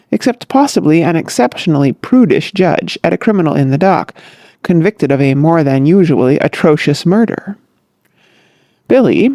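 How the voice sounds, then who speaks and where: Lively, wry audiobook narrator. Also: mid-range voice, no echo, clean studio sound. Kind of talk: scripted narration.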